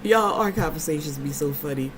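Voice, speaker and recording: A woman's voice: sits low, brisk, noisy background. A woman hosting a casual vlog chat, telling stories to her viewers in a playful, emphatic way. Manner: chatty storyteller, playful and emphatic. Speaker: vlogger host.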